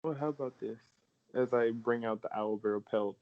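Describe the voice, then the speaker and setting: A man's voice: medium pitch, moderate pace, muffled recording. A man playing a tabletop game in casual, playful, laughing chat. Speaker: player.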